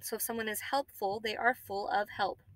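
A woman teacher leading a guided reading lesson for children, spelling words out slowly letter by letter and encouraging her class. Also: mid-range voice, steady tone, fairly bright tone, no room sound. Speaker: elementary school teacher.

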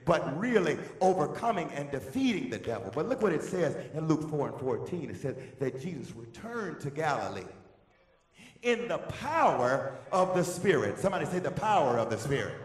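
A pastor preaching a sermon, leading the congregation in call-and-response and swinging from quiet speech to shouting. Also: male voice, fairly high pitch, sing-song, normal speed, echoey room. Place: church sanctuary.

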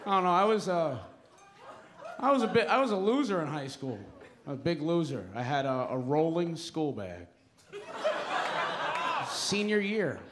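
A man's voice: sits high, animated, moderate pace. A young man performing a crude, self-mocking stand-up comedy set on a club stage. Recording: live club recording with audience noise.

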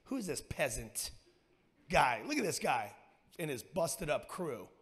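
A man's voice: a little high, very animated, a little slow, fairly bright tone, husky, full character voice. A man preaching voices haughty, indignant religious elite men who scoff in disbelief. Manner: scoffing, incredulous. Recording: long church hall reverb.

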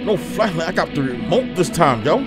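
A young man commentating his own game play, excitable and swearing, shouting in panic at times. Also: on the high side, a little fast. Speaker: gaming streamer. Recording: game music behind. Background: game music.

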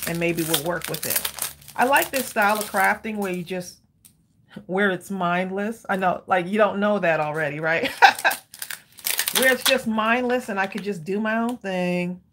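A woman, hosting a live craft stream and chatting with viewers in a lively, laughing way. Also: mid-range voice, moderate pace, noisy background. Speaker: craft channel host.

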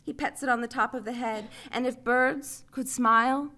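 A woman reading her short story aloud in lively, expressive narration. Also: a little high, moderate pace.

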